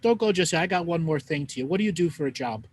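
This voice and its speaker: A man's voice: on the high side, animated, very fast, slight background noise. A man hosting a live call-in show, giving callers direct advice and checking in with "okay?". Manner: direct, coaching, ends points with "okay?". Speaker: host.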